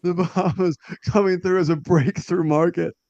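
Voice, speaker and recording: Gravelly, wry podcast co-host man. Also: high-pitched, fairly even intonation, normal speed, darkish tone, dry recording, lo-fi sound. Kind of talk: casual chat.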